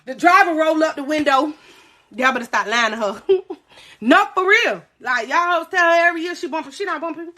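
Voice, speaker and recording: A young woman telling a story on a phone livestream, animated and profane, talking straight to her viewers. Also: high voice, brisk.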